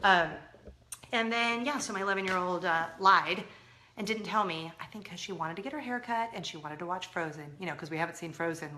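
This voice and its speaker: A woman in her thirties chatting to camera as a parenting vlogger, expressive and moving between loud and hushed. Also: on the low side, brisk, slight background noise. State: injured, in a leg cast. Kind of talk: casual chat to camera.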